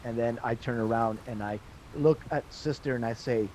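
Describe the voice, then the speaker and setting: A man's voice: mid-range voice, moderate pace, hardly any pauses, noisy background. Earnest male tabletop player. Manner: earnest, thinking aloud. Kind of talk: casual tabletop play.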